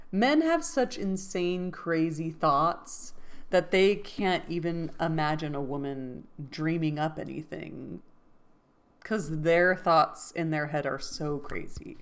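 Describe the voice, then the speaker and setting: A woman reading a classic novel aloud in a casual way. She stops to look things up and makes joking asides. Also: fairly low pitch. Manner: laughs to herself, jokey asides. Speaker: book-club host.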